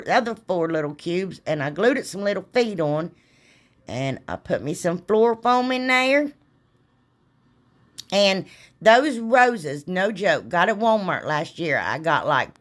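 A middle-aged woman hosts a craft tutorial. She rambles happily and calls her viewers y'all. Her voice sits a little on the low side. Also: a bit bright. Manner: rambling, folksy, talks straight to viewers as y'all. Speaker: craft channel host. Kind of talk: casual chatty craft tutorial.

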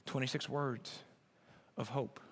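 A man preaching a sermon, swinging from loud emphatic bursts to low, quiet asides. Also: steady tone, takes it slowly, breathy edge, big-room sound. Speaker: pastor.

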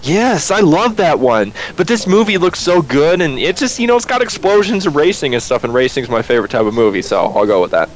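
A man's voice: on the high side, lively intonation, brisk, hardly any pauses, low-quality recording. A young man chatting casually while playing a co-op shooter, joking and rambling with frequent restarts. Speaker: gameplay commentator. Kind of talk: casual co-op gaming chat. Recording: game music playing under voice.

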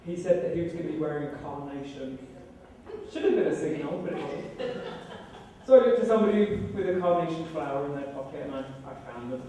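A man's voice: fairly high pitch, animated, a little fast, warm tone. A man in his thirties with a British accent, telling a comic personal story on stage to a live audience in a wry, self-deprecating way. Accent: British English. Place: event room with live audience. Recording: very echoey room, voice from far off.

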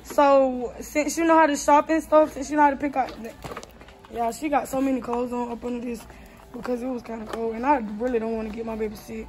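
A woman's voice: a little high, flat delivery, a little fast, darkish tone, slight background noise, rough recording. A young woman, a mother chatting to her viewers on a phone while shopping in a big store. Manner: chatty, addresses viewers as y'all. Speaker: vlogger, mother. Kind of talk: casual vlog while shopping. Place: large store indoors.

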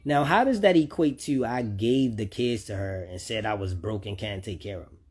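A man's voice: fairly low pitch, normal speed, darkish tone, husky. A man speaking to viewers about his children, heated and repetitive, swearing often. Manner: talks directly to listeners. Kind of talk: unscripted personal vlog rant.

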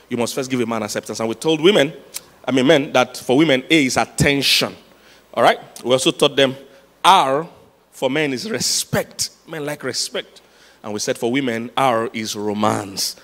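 A man's voice: medium pitch, fairly bright tone. A man preaching a sermon as pastor, telling stories with laughs and repeating his key points for emphasis. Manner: storytelling with laughs, emphatic repetition. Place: large church hall. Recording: long hall reverb.

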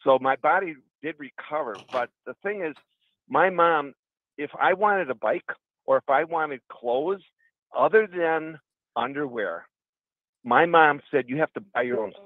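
A man's voice: on the high side, expressive, unhurried, no room sound. A middle-aged man from Wisconsin, a radio caller telling long, earnest stories about his past. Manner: earnest, rambling anecdotes. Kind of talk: call-in radio storytelling. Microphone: phone. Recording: tinny phone line.

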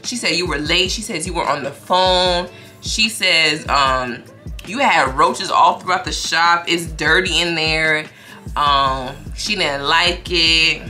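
A young woman tells a story to her followers in a loose, slangy, profane way and acts out what others said. Her voice sits fairly low but sounds bright and forceful. Faint music plays quietly under her talk. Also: slow pace. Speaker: vlogger telling a story. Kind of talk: casual storytime vlog.

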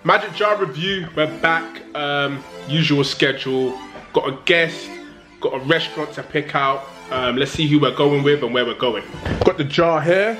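A young man chats casually as a food vlog host. His voice sits a little high and he stretches out his words in a relaxed, joking way. Music plays behind him. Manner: laid-back, jokey, drawn-out words.

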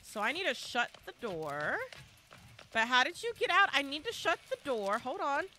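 Excitable high-voiced woman streamer. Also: moderate pace. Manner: excitable, loud exclamations and repeated cheers. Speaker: game streamer. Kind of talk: live gameplay commentary.

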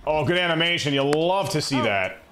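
A man's voice: on the high side, a little fast, slight background noise. Hyped young man calling his own game. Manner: excitable, slangy, swings between hype and mutters. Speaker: gaming streamer. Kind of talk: live gameplay commentary.

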